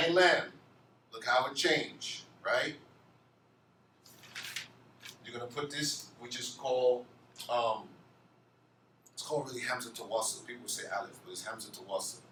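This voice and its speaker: A man's voice: medium pitch, bright, forceful tone, distant mic, slight background noise. A man teaching an Arabic grammar class, asking his students questions and answering them himself. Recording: echoey room, off-mic, faint ambience.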